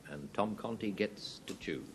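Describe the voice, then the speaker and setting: A man's voice: fairly low pitch, a little hiss or hum. Wry man hosting a panel game. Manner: brisk, announcing, wry. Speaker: quiz host.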